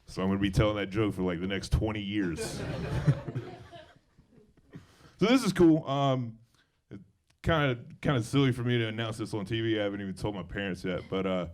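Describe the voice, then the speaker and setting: A man's voice: lowish voice, fairly even intonation, a little fast, long pauses. A young man from Alabama with a Southern accent doing a stand-up set on a club stage, talking in a loose, self-deprecating way with dry asides. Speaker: stand-up comedian.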